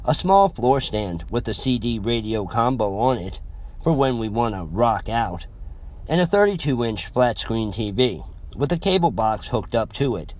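A man's voice: on the low side, darkish tone. A man narrating a first-person story in a chatty, rambling way with self-aware asides.

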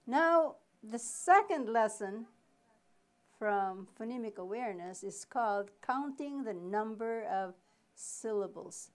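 A woman presenting a reading workshop, explaining slowly with pauses and asking questions, then answering them herself. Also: mid-range voice, darkish tone. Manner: slow, deliberate explaining with pauses. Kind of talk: live teaching workshop.

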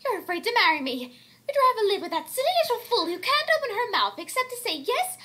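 Rarity, very high and dramatic. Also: female voice, very animated, fast talker, bright, forceful tone, exaggerated voice. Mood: furious. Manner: melodramatic, pleading then furious. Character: haughty dramatic young mare playing a spurned lady. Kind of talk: fan voice acting.

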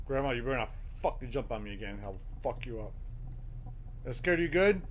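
A man's voice: medium pitch, animated, quick pace, a little hiss or hum. A man commentating live on a horror game, talking to his chat and yelping at scares. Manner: jumpy, talks to chat, yelps at scares. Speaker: game streamer.

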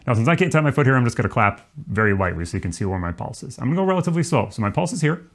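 A man teaching trombone, explaining swing feel in a relaxed, demonstrative way. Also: mid-range voice, rapid-fire, a little hiss or hum. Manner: relaxed, demonstrative, counts off and sings rhythm syllables. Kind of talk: music lesson.

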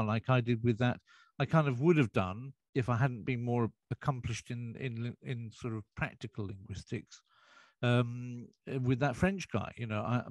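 A man with a British accent, talking as a guest in a casual interview. He explains at length and often restarts his sentences. His voice sits at a middle pitch, and the recording is dry and close. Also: darkish tone, no room sound.

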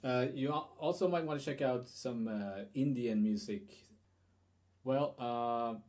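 A man's voice: mid-range voice, unhurried, darkish tone. A man giving a guitar lesson, explaining rhythm in a hesitant way with fillers and restarts. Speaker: guitar teacher.

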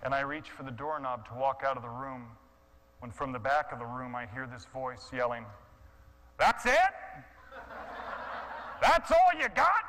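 A man telling a dramatic sermon story, swinging from hushed, quiet passages to impassioned shouting. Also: mid-range voice, fairly even intonation, fairly quick, background noise. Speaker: guest speaker.

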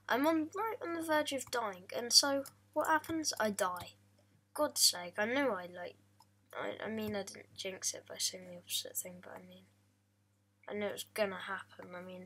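A young woman talks through her game in a loose, joking way, teasing her viewers and the animals on screen. Her voice is bright and clear at a middle pitch, and mouse clicks sound under her talk. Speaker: gaming vlogger. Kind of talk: casual game commentary.

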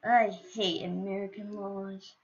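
A woman's voice: medium pitch, flat delivery, a little slow, muffled recording. A woman streaming a game, chatting casually to viewers in a playful, rambling way with silly asides, on a computer microphone. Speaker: gaming streamer.

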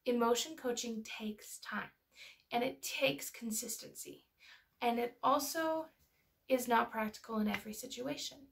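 A woman's voice: on the high side, measured pace, gravelly. A woman, a mother, talking casually and telling stories as she teaches parents, with many filler words. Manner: chatty, storytelling, lots of filler words. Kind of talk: casual educational talk.

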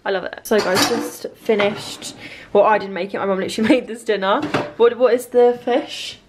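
A woman's voice: medium pitch, steady tone, moderate pace, noisy background. A young woman chatting casually at home in a vlog, peppering her talk with "literally". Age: young adult. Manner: chatty, says "literally" constantly. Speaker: vlogger.

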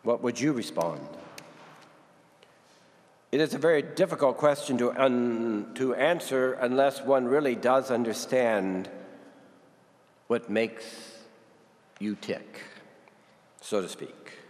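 A man giving a homily at Mass, speaking slowly and deliberately with long pauses and repeated questions. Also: medium pitch, a little mellow. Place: parish church. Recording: reverberant church.

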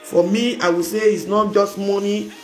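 A woman with a Nigerian accent talks to her viewers on a live stream, loose and chatty. She slides between Pidgin and plain English and laughs as she goes. Soft music plays faintly behind her. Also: medium pitch, fairly even intonation, moderate pace. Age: adult with children. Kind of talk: casual live-stream chat.

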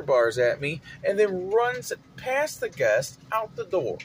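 Man, retail worker, dramatic storytelling, slow pace, faint noise behind. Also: high-pitched, big pitch swings. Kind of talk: casual storytelling vlog.

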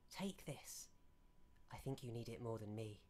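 A man voicing a kindly, cryptic old woman fortune-teller who coaxes gently and calls people dearie, in a tabletop game. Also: mid-range voice, expressive, unhurried. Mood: doting.

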